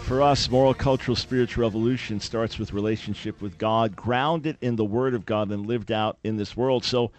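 A man's voice: lowish voice, fairly even intonation, normal speed, few pauses. A man hosting a call-in radio talk show, answering listener questions in an earnest, explanatory and emphatic way.

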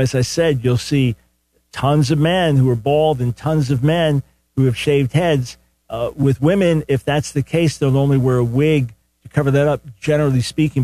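Older man, call-in radio host, mid-pitched, earnest, restarts his sentences, dry booth mic. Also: mellow, dry recording. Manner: earnest, conversational, repeats words when starting sentences. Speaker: radio talk show host. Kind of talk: call-in radio Bible teaching. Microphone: studio microphone.

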